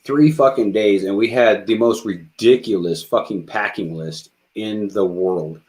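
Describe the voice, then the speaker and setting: A man, an army veteran, hosting a casual podcast chat in a relaxed, profane way with halting restarts. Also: lowish voice.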